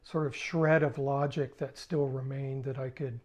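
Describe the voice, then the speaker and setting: An older man, a musician, recalling his past in a casual, halting spoken story with restarts. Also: mid-range voice, fairly even intonation, a little mellow.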